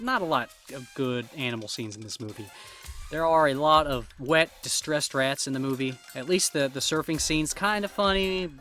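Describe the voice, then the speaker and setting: Male movie reviewer, bright voice, jokey and loose, light music bed. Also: mid-range voice. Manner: wry, jokey, rambling with repeated words. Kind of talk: casual scripted review narration.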